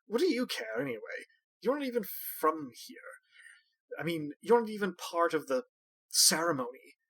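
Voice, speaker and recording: A man's voice: sits high, animated, normal speed, creaky, a bit bright, breathy edge, pitched above the performer's own voice, exaggerated voice. A man voicing a haughty, petulant young nobleman who talks in a snooty, sneering way.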